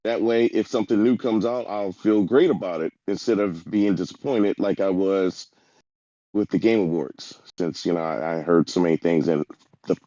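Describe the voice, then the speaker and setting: A man's voice: lowish voice, warm tone, dry recording. A man as a podcast guest, talking emphatically and rambling in casual chat. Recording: dull dry lo-fi mic.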